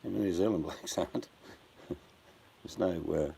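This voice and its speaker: An older Australian man with a deep, gravelly, dark-toned voice chats casually on a live stream at a normal speed. He's blunt and joking, calling his viewers by name, with faint background noise in the recording.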